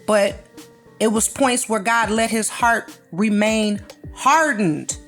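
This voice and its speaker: A woman's voice: a little high, takes it slowly, soft background music. Sassy preachy woman with a drawl. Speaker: commentary channel host. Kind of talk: casual monologue commentary.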